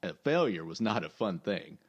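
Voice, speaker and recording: A man's voice: on the low side, big pitch swings, moderate pace, highs cut off. A man in his forties co-hosting a podcast, chatting casually and mostly chiming in with short replies. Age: 40s. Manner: brief agreeing replies, laughs along. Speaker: podcast co-host. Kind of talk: casual chat.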